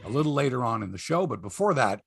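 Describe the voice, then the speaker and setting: Brief: man, sports podcast host, husky gravelly voice, swings pitch a lot, blunt and profane, dry close mic. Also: fast talker, dry recording. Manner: blunt, swears freely, animated rants. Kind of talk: casual sports talk.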